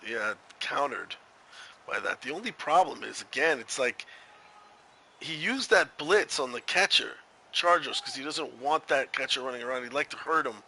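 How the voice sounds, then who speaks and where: A man doing play-by-play commentary on an online match, excitable and rambling, often laughing. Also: medium pitch, moderate pace, low-quality recording. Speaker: play-by-play announcer.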